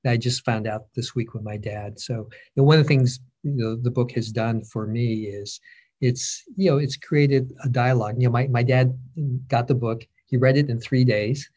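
A middle-aged man with a mellow, slightly husky voice leads a conversational interview. He speaks in a thoughtful, halting way, pausing to find his words. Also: mid-range voice, fairly even intonation. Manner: thoughtful, halting, gets emotional.

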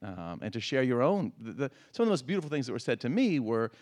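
Halting middle-aged man in conversation. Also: mid-range voice, sing-song, a little mellow. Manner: halting, repeats words, laughs often. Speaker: guest. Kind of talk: conversational interview.

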